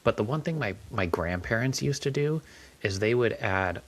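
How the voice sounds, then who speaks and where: Male co-host, lowish voice, relaxed and offhand. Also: normal speed. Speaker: podcast co-host. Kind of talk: casual chat.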